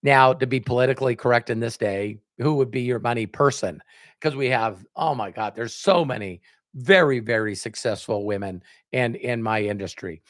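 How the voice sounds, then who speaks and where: A man, a network marketing speaker, giving a motivational talk on a livestream and acting out remembered conversations with sudden jumps in pitch. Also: moderate pace, no room sound, clean studio sound. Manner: acts out quoted dialogue with jumps in pitch.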